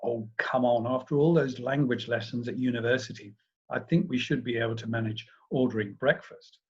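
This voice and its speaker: Brief: man reading as a young eager student, higher and keen, husky, dull lo-fi. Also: steady tone, a little fast. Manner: eager, know-it-all explaining.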